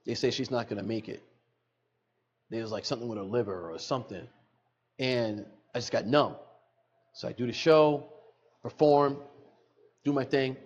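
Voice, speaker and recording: A man's voice: medium pitch, darkish tone, muffled recording. A middle-aged man, a podcast guest, telling an emotional personal story in earnest, repeating phrases for emphasis, recorded in a studio.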